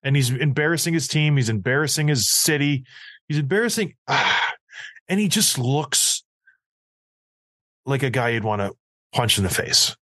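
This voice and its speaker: A man's voice: medium pitch, lively intonation, normal speed, long pauses, bright, forceful tone, no room sound, clean studio sound. A man co-hosting a casual chat, blunt and emphatic with a mocking edge. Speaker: podcast co-host.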